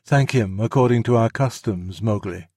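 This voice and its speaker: A man voicing a stern, proud panther in a storybook reading, with a dry, measured delivery. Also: on the low side, darkish tone, dry recording, lightly acted.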